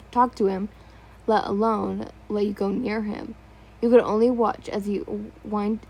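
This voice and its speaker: A woman's voice: mid-range voice, dark tone, husky, rough recording. A woman reading fan fiction aloud, stumbling over words now and then and remarking on typos. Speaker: story reader.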